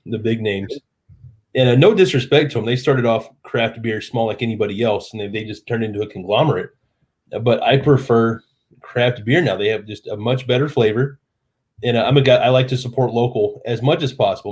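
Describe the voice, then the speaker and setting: A man's voice: mid-range voice, darkish tone. A man hosting a casual live stream chat, a bit tipsy from drinking, rambling and losing his train of thought. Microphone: live stream setup.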